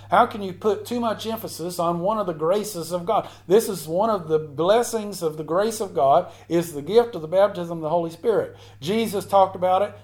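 High-pitched male pastor delivering a sermon, rising to emphatic repeated lines.

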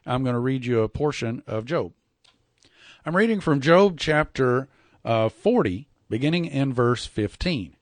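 A man teaching from the Bible in a folksy sermon style, often repeating words and reading scripture slowly and deliberately. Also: mid-range voice, lively intonation, no room sound. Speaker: preacher.

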